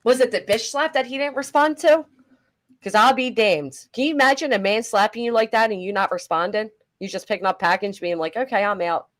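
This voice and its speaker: A middle-aged woman hosting a casual reaction chat, chatty and animated, swearing casually. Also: fairly high pitch, brisk. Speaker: commentary host.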